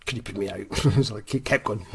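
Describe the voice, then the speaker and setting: A man's voice: fairly low pitch, moderate pace, a little mellow, a little hiss or hum. A Scottish man, an author, tells a story in a rambling, self-mocking way, hesitating with many ums. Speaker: author, vlogger. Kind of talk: casual storytelling.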